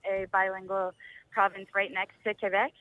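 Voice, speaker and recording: A woman's voice: medium pitch, flat delivery, moderate pace, dry recording, narrow, tinny audio. A woman with a Canadian accent calling in to a radio show, friendly and giggly. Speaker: caller. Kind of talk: phone-in chat.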